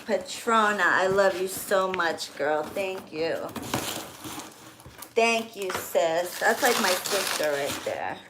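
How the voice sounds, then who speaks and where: Speaking slowly in a fairly low voice, this woman reads for clients as a spiritual reader. In her vlog she unboxes gifts amid crinkling packaging, chatting and gushing casually and squealing whenever she gets excited.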